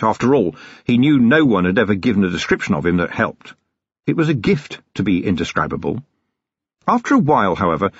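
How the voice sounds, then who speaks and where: Male narrator for an audiobook, expressive and husky, dry and slightly muffled sound. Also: fairly low pitch, no room sound. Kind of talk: scripted narration.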